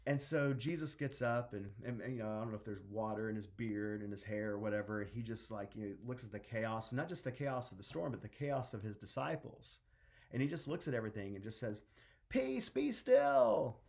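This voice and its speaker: A man's voice: on the low side, a little fast, darkish tone. A middle-aged man preaching a sermon as a minister, talking conversationally with restarts and acting out the people in a story.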